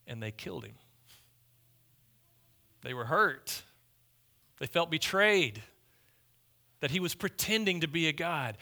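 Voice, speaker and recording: Bright-voiced emphatic male preacher. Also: fairly high pitch, lively intonation, unhurried, creaky, pauses often. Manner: emphatic, repetitive, swings between loud and hushed. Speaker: pastor. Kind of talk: sermon.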